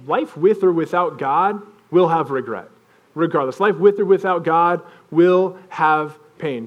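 A young adult man preaching a sermon as pastor, telling a story in a casual, self-deprecating way. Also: on the high side.

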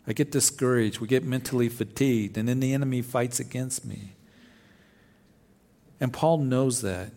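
A man's voice: medium pitch, a little mellow. Earnest man preaching a sermon. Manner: earnest, plain-spoken preaching with scripture readings. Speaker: pastor.

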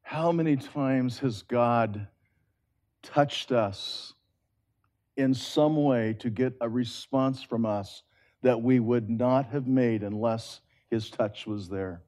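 Slow, earnest preacher man. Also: medium pitch. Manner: swings between loud emphatic rises and hushed, drawn-out phrases; earnest, conversational preaching with repeated restarts. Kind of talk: sermon.

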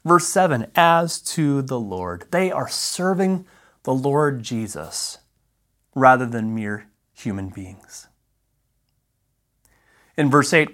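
In the middle of a lesson, a male Bible teacher with a mid-range voice works through a passage point by point. He uses short, measured phrases, stressing key words with pauses between, and reads the verses aloud in that same steady way.

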